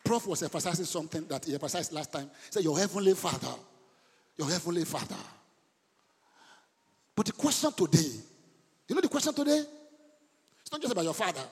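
Male pastor, passionate sermon, raised voice, husky, live in an echoey church hall. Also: high voice, sing-song, quick pace. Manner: impassioned preaching, rising to shouts.

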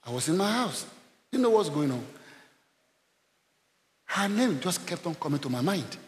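Man, pastor, sermon, fairly high voice, shouting bursts, call-and-response, long hall echo. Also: normal speed. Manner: animated preaching, bursts into shouts, repeats himself; addresses the congregation with call-and-response. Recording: long reverb of a large hall.

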